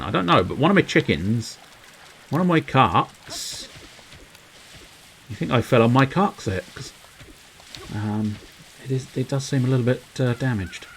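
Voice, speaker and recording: Rambling, low-voiced male game streamer. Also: creaky, a little hiss or hum, poor audio. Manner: rambling, playful innuendo, chats to viewers. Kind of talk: casual livestream commentary.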